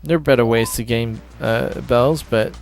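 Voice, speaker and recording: A man talking casually through a video game demo, offhand and quick to correct himself. His voice sits at a middle pitch. Game music plays faintly underneath. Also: vocal fry. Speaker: gameplay commentator.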